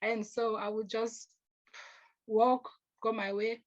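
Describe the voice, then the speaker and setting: A young woman from Africa telling personal stories as a panelist, earnest and halting, often restarting her sentences and acting out what others said. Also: fairly high pitch, little pitch movement, muffled recording. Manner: earnest, halting, with restarts, acts out quoted speech.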